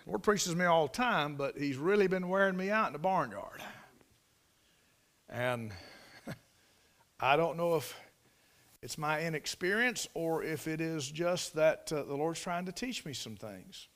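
A high-pitched man, telling a barnyard story with a folksy drawl. His voice swoops up and down a lot as he spins it out like a preacher. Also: unhurried, pauses often. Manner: folksy, animated, drawling country talk.

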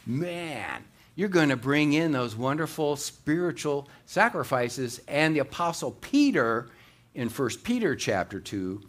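A man preaching a sermon as pastor, folksy and quick, with fillers and joking asides. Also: on the high side, very animated.

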